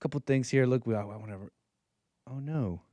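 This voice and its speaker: Male stream host, mid-pitched, loose and teasing; dry and close. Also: fairly quick, dark tone, no echo. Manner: joking, teasing the viewers; loose, rambling asides. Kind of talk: casual live-stream chat.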